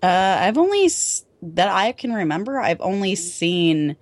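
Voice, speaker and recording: A woman's voice: mid-range voice, sing-song, measured pace, no room sound. A young woman co-hosting a casual comics podcast, talking with many likes and a dry, sarcastic edge. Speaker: podcast co-host. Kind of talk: casual chat.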